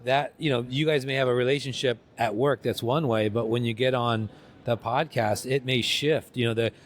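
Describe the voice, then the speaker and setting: A man's voice: mid-range voice, steady tone, normal speed. Rambling man on a podcast. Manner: rambling, self-deprecating, restarts often. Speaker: podcast co-host. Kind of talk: casual podcast chat. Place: convention venue.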